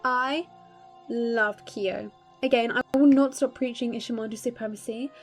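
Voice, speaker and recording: A woman's voice: a little high, steady tone, normal speed, faint music behind. A young woman giving casual fan commentary, gushing and emphatic, swearing freely. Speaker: video creator.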